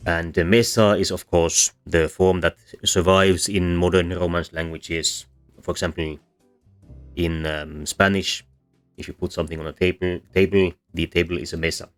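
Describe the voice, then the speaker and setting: Man, very low voice, teaching in voice-over; hesitant, lots of ums and restarts, soft music underneath. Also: level tone, moderate pace. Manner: hesitant, many fillers and restarts. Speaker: language history explainer. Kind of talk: explanatory voice-over lesson.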